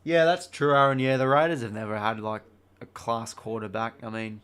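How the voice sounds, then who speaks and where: A man's voice: medium pitch, fairly even intonation, normal speed, fairly bright tone, smooth. A young adult man with an Australian accent, hosting a live watch-along stream in a rambling, chatty way, swearing freely as he calls the play and chats between passages.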